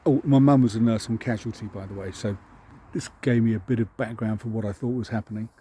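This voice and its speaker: An Englishman from England, hosting a vlog while walking a dog outdoors, tells a rambling, self-deprecating childhood story and chuckles at himself. His voice is lowish, steady, and dark, and he talks fast; the recording has a little hiss or hum.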